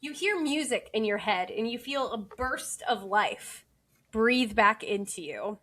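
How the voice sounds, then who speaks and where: A woman's voice: a little high, animated, a little slow, fairly bright tone. A woman running a tabletop horror game as game master, describing scenes vividly and making playful rulings on the mechanics.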